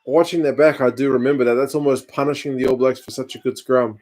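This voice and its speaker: A man's voice: mid-range voice, quick pace. Chatty New man watching rugby. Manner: relaxed, chatty, reads and answers viewer comments. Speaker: host. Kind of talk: casual live-stream chat over a rugby match.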